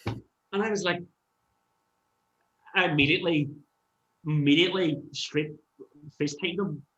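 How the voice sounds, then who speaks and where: Speaking unhurriedly in a high-leaning, pushed, bright voice, a male musician guest swaps animated stories in casual podcast talk and curses freely. The room sounds roomy and dull.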